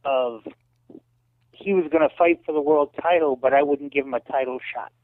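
A man's voice: moderate pace, dry recording. A man who is a former kickboxer and wrestling promoter, telling stories as an interview guest and acting out the people he quotes. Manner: acts out quoted voices with big pitch jumps. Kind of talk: animated storytelling in an interview. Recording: tinny phone-like line, dry.

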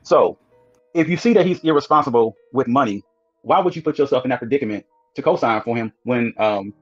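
A man's voice: mid-range voice, fairly quick, breathy edge, dry recording, dull audio, soft background music. A man hosting a live stream, pressing a guest with probing questions and cutting in to challenge her. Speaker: host.

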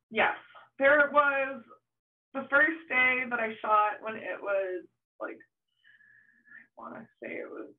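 A young adult woman, a surf photographer, telling a story in a casual interview. She is animated, laughs often and acts out her own past shouts. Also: on the high side, distant mic. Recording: tinny phone-like line, off-mic.

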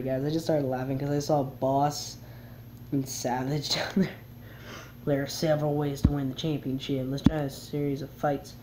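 Over a noisy background, a player offers casual commentary while gaming, reading the on-screen text aloud and chuckling at it as he goes. His voice is medium in pitch.

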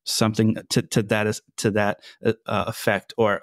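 A man's voice: fairly low pitch, flat delivery, normal speed, no room sound, clean studio sound. A man as a mindset coach guest on a podcast, earnest and explanatory with frequent fillers. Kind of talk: casual interview chat.

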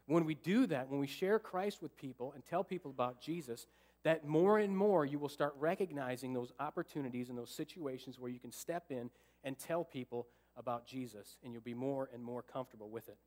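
A man's voice: medium pitch, fairly quick. A male pastor preaching a storytelling sermon to his church, acting out his own thoughts with humor. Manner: animated, acts out his own thoughts and jokes with the congregation. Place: church sanctuary.

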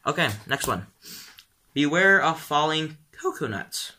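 A man's voice: fairly high pitch, lively intonation, a little slow, sharp tone. Rambling teen boy vlogger. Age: teens. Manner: rambling, full of "um" and "like". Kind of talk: casual vlog commentary.

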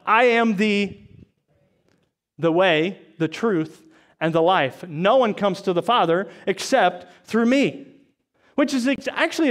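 High-voiced man preaching a sermon. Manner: conversational preaching with asides. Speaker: pastor. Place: church service.

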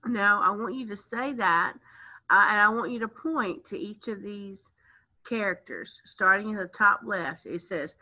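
A woman teaching a children's music lesson, chanting rhythm syllables in a slow sing-song way. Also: mid-range voice, sharp tone, low-quality recording.

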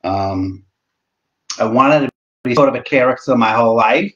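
A young man chats loosely on a live stream, cracking profane, self-mocking jokes while he eats. His voice sits at an ordinary middle pitch. The laptop audio sounds dull and lo-fi. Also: moderate pace, a crowd in the background. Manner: talking while eating. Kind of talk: casual live-stream chat. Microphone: laptop mic.

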